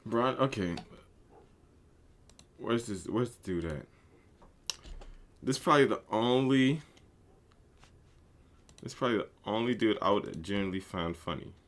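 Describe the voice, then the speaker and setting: A man giving casual reaction commentary, breaking into excitable, incredulous exclamations. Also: lowish voice, measured pace, pauses often, slight background noise. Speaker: content creator.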